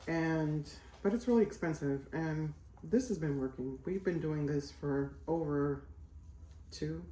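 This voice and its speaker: A woman's voice: low-pitched, a little mellow, echoey room. A woman in her forties, chatting casually as a vlogger while cooking at home, rambling with lots of fillers. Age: 40s.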